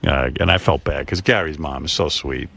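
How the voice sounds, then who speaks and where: A man's voice: a bass voice, normal speed, gravelly, fairly bright tone. A man in his sixties, a radio show host, trading casual, self-mocking banter and telling stories with acted-out quotes.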